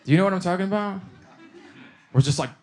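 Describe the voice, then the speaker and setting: A man doing stand-up, telling a story in an animated, profane way and laughing through his own lines. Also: sits high, fast talker. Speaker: stand-up comedian.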